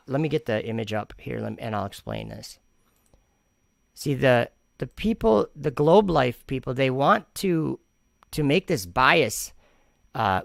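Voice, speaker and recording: A man's voice: medium pitch, gravelly, a bit bright, no room sound, clean studio sound. A man hosting a commentary vlog, reacting to comments in an argumentative, sarcastic way and rambling with frequent restarts. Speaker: channel host.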